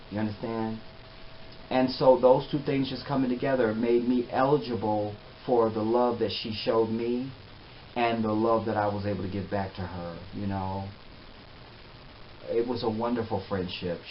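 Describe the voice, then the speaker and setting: A man telling a personal story in a casual, animated way, often trailing off softly. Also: on the low side. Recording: slightly dull with faint hiss.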